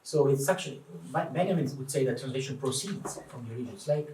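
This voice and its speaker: A man's voice: mid-range voice, quick pace. Italian-accented man, distant in an echoey room. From Italy. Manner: thoughtful, animated, many restarts. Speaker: guest translator. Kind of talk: live public conversation. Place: event room before an audience. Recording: echoey room, distant mic, faint noise.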